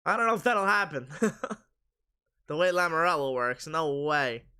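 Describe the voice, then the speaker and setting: A man hosting a live sports stream, casually reading viewer comments aloud and answering them while his voice is going hoarse. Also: on the high side, expressive, normal speed, bright, forceful tone.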